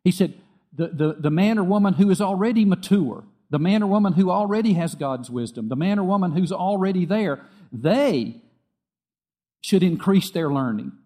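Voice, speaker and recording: Middle-aged guy preaching, warm mellow tone, earnest, repeats himself, gets real soft for quotes. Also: sits high, lively intonation, moderate pace. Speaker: pastor. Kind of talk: sermon.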